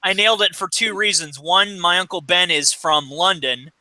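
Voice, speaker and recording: A man's voice: high-pitched, normal speed, bright, forceful tone, no echo, low-quality recording. A man from the Midwest chatting casually as a guest, blunt and cocky. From American Midwest. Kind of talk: casual chat.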